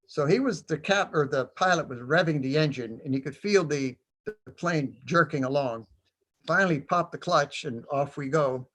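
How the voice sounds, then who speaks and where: A man's voice: a little high, fairly bright tone. Older man spinning war anecdotes. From United States. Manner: rambling anecdotes with frequent fillers and chuckles. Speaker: veteran panelist. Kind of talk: storytelling on a panel.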